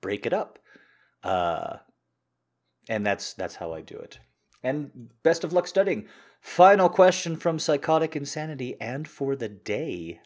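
A man's voice: medium pitch, very animated, unhurried. A man hosting his own podcast, answering listener questions in a chatty, jokey way and closing with a sincere sign-off. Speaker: podcast host. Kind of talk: casual Q&A chat.

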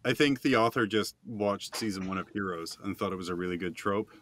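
A man's voice: on the low side, a little fast, fairly bright tone, a little hiss or hum. A man co-hosting a casual podcast, joking around and quizzing his co-host in a playful way. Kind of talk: casual chat.

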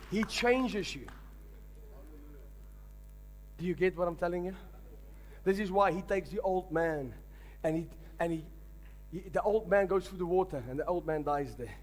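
High-voiced man preaching emphatically. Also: normal speed, darkish tone. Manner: emphatic preaching with call-and-response. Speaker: pastor. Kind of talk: sermon.

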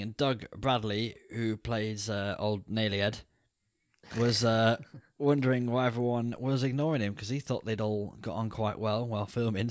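A man's voice: fairly low pitch, dry recording. Playful man on a dry mic. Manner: playful, keeps time. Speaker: podcast co-host. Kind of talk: casual chat and plot recap.

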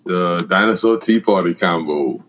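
A man talking in an unhurried, easygoing way in a casual group chat. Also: deep voice, a bit bright. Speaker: panelist.

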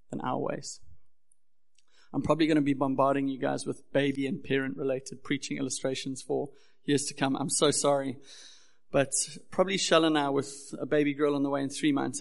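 Creaky-voiced man preaching a sermon. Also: medium pitch. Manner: earnest, building in intensity. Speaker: pastor.

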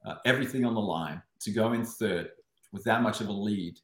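A man from South Africa, a former Olympic swimmer, telling a story as an interview guest in an animated way, often restarting his sentences. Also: lowish voice, brisk, echoey room. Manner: animated, with frequent restarts and acted-out inner voices.

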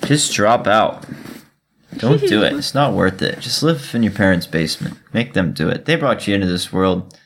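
A man's voice: fairly low pitch, normal speed. A man in his twenties co-hosting a podcast, chatting casually and joking with frequent laughter. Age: 20s. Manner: joking, laughs often, animated. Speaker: podcast co-host. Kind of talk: casual chat.

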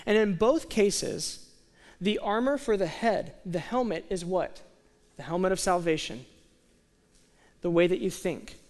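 A young male pastor preaching a sermon, moving between quiet, slow emphasis and excited storytelling. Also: high voice. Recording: long reverb of a large hall.

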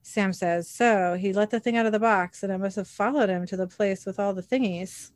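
A woman's voice: medium pitch, brisk, no room sound, studio quality. A woman narrating a TV episode scene by scene in a casual way, reading the characters' lines plainly with the odd filler. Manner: reads quoted dialogue plainly, with small fillers.

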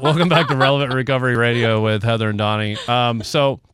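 A man's voice: mid-range voice, steady tone, quick pace, very noisy. An older man co-hosting a recovery radio show in a studio, talking in a folksy, rambling way and asking leading questions. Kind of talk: casual recovery podcast chat.

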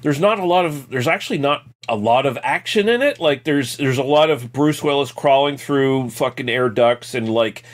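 A man's voice: medium pitch, moderate pace, few pauses. A man co-hosting a podcast, talking about a movie in a laid-back, agreeable way with lots of fillers. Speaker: podcast co-host. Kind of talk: casual movie review chat.

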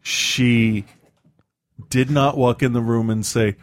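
A man's voice: medium pitch, steady tone, no echo, clean studio sound. A man in casual chat, telling rambling, profane stories with a lot of restarts and self-mocking asides. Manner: halting with frequent restarts and ums.

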